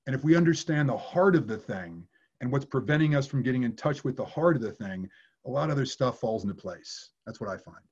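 A man's voice: medium pitch, expressive, a little fast, darkish tone, husky, dull audio. A man working as an acting coach, answering viewer questions in a candid way and swearing casually.

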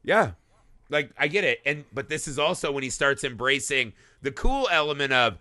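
A man co-hosting a film podcast, talking casually and profanely, slipping into quick character voices. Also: mid-range voice, lively intonation, pushed and bright, dry recording, clean studio sound. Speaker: podcast co-host.

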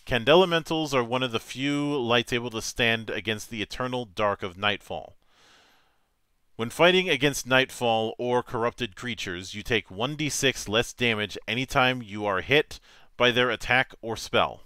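A man reads tabletop game rules aloud as game master, steady and matter-of-fact, tripping over the odd word. His voice is bright and forceful. The sound is dry and close. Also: mid-range voice, smooth, dry recording. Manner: measured, matter-of-fact reading with small stumbles.

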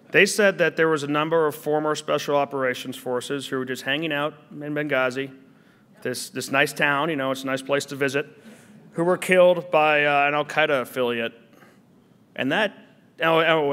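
A man's voice: medium pitch, fairly bright tone. Sardonic man answering in a hall. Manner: combative, sardonic. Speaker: speaker at a seminar. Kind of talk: lecture Q&A answer. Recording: long hall reverb.

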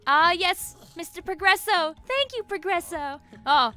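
A young woman streaming a video game, chatting excitably, giggling and shrieking at the screen. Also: extremely high pitch, measured pace. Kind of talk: gameplay commentary.

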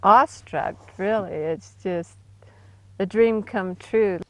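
A middle-aged woman interviewed about her hunt, talking excitedly and laughing easily. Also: mid-range voice, slow, no room sound. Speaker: interviewed hunter. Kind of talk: casual interview.

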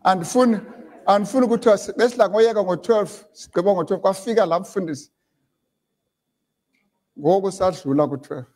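A man preaching a sermon in a church, switching between English and Xhosa and building up to shouted lines. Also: high-pitched, a little fast, pauses often. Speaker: pastor.

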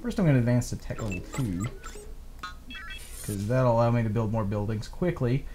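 A man's voice: mid-range voice, normal speed, faint music behind. A man casually chatting and laughing a lot while playing a strategy game for a let's-play video. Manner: giggly, laughs often, animated storytelling. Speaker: gameplay commentator.

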